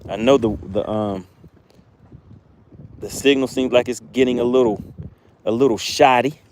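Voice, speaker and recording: An excitable man hosting a live fishing stream from a boat on a windy lake, talking to his viewers and repeating his phrases. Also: mid-range voice, moderate pace.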